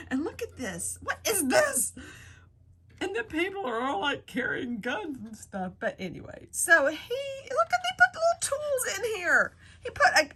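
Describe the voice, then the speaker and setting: A middle-aged woman, chatting in a casual home vlog, gushing and getting emotional in excited bursts, recorded on a handheld phone indoors. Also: medium pitch, breathy edge. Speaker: craft vlogger. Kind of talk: casual chat.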